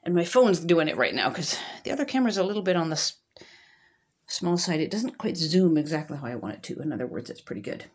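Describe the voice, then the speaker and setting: A woman hosting a quilting tutorial, explaining her work in a relaxed, plain-spoken way. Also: fairly low pitch, brisk. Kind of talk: casual voice-over explanation.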